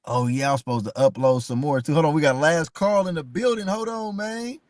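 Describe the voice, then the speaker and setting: A fairly high-voiced man speaks a little fast with no room sound while hosting a live stream. He talks casually and passionately to his chat, addressing viewers by name and repeating himself.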